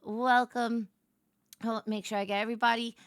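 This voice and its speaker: A young woman streaming and greeting her viewers in casual chat, animated and swinging from soft murmurs to excited squeals. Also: a little high, brisk, crowd noise.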